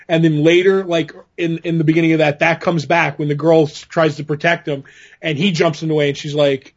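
A man co-hosting a podcast, talking casually and eagerly, halting with restarts. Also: on the high side, steady tone. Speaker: podcast co-host. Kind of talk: casual chat. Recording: dull lo-fi podcast audio.

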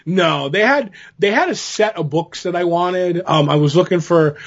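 A man's voice: high voice, normal speed, slightly rough, dull audio. A man co-hosting a podcast in casual chat, rambling through stories with many fillers and restarts. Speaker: podcast co-host.

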